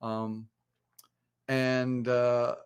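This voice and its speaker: A man's voice: mid-range voice, level tone, extremely slow, clean tone. An American man talking casually to camera in a vlog, rambling with many fillers and restarts. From United States. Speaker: vlogger. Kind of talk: casual spoken monologue.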